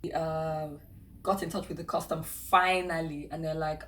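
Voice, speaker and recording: A woman's voice: low-pitched, moderate pace. A young Nigerian woman with a Nigerian accent, chatting and laughing through a casual travel storytime vlog. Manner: chatty and animated, many fillers and laughs. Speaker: travel vlogger.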